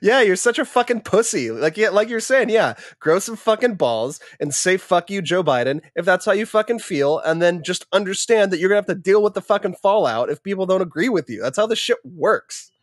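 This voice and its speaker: Higher-voiced profane podcast co-host. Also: male voice, animated, brisk, hardly any pauses, no room sound, studio quality. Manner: profane, agreeing, riffing. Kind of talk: casual chat.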